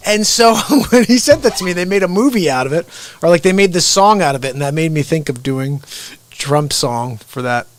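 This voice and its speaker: A man's voice: a little high, dry recording. A man hosting a late-night comedy livestream, rambling casually and laughing at his own bits.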